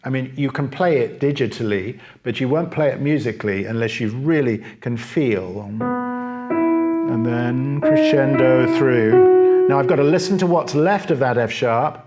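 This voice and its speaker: A middle-aged man, giving a patient, explanatory piano masterclass and pausing to play examples. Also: mid-range voice, lively intonation. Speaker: piano teacher. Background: piano playing between phrases.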